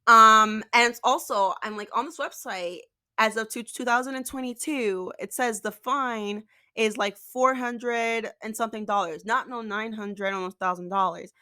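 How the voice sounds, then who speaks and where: A woman's voice: a little high, moderate pace, pushed and bright. A woman telling a storytime vlog, exasperated, acting out the dialogue as she retells it. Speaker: vlogger.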